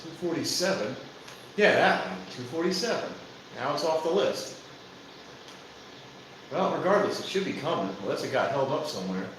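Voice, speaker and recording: This trainspotting livestreamer's voice is on the high side, with lively intonation, a moderate pace and frequent pauses. Standing at a station outdoors amid a noisy background, he waits on camera for a casual stream, grumbling and exasperated and muttering to himself.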